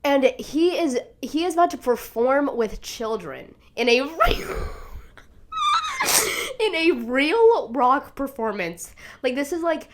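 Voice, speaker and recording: A young woman talking casually on her own show, with a slightly high voice that jumps around a lot. She swears freely and gets emotional. Her laughs crack into near crying, and her voice goes loud and shrill in the excited bits. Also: measured pace, slight background noise. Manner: emotional, swearing, laughing through tears, animated. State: sick, tearful. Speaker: podcast host. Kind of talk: casual monologue.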